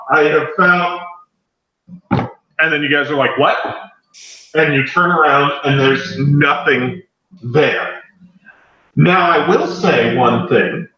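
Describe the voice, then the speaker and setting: A man's voice: fairly high pitch, bright, forceful tone, roomy sound, dull audio. A man running a tabletop game as game master, narrating loosely with many fillers.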